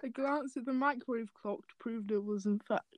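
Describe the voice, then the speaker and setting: A woman's voice: a little high, moderate pace, no echo, low-quality recording. A young woman casually reading a fanfic aloud, breaking off often to joke and laugh. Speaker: fanfic reader.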